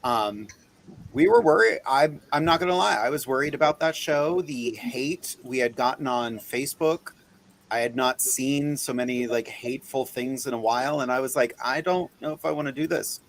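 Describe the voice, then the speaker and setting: A male host from Pennsylvania chatting casually with a guest. He speaks at a middle pitch and tells his stories in a lively, animated way. A faint hiss of noise sits under the voice. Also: normal speed. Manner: chatty, animated storytelling with laughs. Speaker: podcast host. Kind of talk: casual chat.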